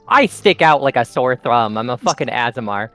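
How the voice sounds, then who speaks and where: A man's voice: medium pitch, expressive, moderate pace, fairly bright tone. A man playing a tabletop game, talking in a dry, matter-of-fact way. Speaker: player. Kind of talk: casual tabletop play. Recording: faint music behind.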